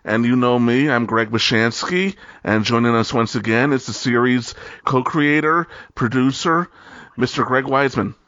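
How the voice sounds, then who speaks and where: A man hosting a fan podcast, warmly introducing his co-host and guests. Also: medium pitch, moderate pace, dry recording, highs cut off. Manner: friendly, announcing guests.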